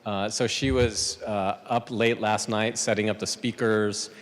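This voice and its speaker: Relaxed male professor opening an event. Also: lowish voice, a little slow, in a large hall, slight background noise. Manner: relaxed, chatty, with fillers. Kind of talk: casual opening remarks. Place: university lecture room.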